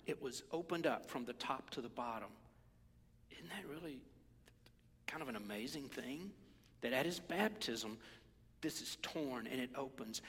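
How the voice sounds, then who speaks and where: A man preaching a sermon in a conversational, animated way, sometimes dropping to a whisper. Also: mid-range voice, breathy edge, long reverb tail. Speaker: pastor.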